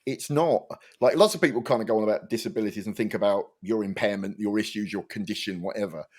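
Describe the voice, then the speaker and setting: Fast-talking jokey man. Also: on the low side, a little mellow, slightly rough. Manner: quick, jokey, self-mocking. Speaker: co-host. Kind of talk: casual chat.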